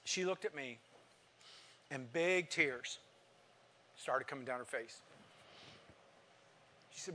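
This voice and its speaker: A man's voice: medium pitch, slow, pauses often, sharp tone, a little hiss or hum. A man preaching a sermon, telling a story and putting questions to the congregation.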